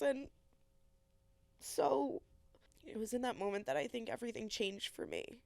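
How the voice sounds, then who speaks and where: A woman's voice: fairly high pitch, normal speed, gravelly, no room sound. A young woman hosting a podcast, earnestly retelling a hard personal story with many quoted asides. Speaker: podcast host.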